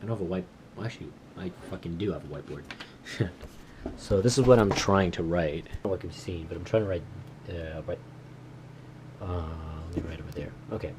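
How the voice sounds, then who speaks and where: A man recording himself while learning Korean, thinking aloud and repeating phrases slowly in a casual way. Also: low voice, noisy background. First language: English.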